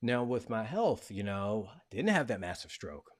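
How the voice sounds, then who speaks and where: A middle-aged man hosting a talk show, retelling a personal story in a casual, animated way and acting out the dialogue. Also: fairly low pitch, unhurried. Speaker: podcast host.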